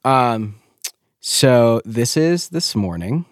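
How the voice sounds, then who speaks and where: A man's voice: mid-range voice, expressive, very slow, dry recording, studio quality. A man hosting a podcast, telling a story in a wry, self-deprecating way. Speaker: podcast host. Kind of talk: casual storytelling.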